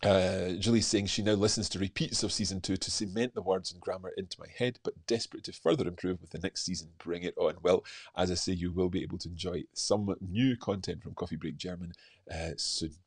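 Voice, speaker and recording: A man hosts a live stream in a relaxed, chatty way, stopping often with ums and restarts. His voice sits low and a little husky. The sound is dry and close, with no room echo. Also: a little fast. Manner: chatty, many fillers and restarts. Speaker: podcast host reading listener reviews. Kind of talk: live-stream casual chat.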